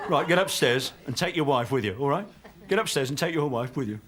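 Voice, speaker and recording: A man's voice: medium pitch, animated, fairly quick, crowd noise, natural voice. A man voicing a gloating, bossy male bus inspector. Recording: 1970s TV studio with audience.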